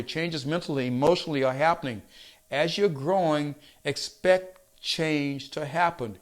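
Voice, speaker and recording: A man with a slightly high voice speaks in an earnest, coaxing motivational style. He slows down to lean on his key points, urging the listener along. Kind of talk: motivational talk.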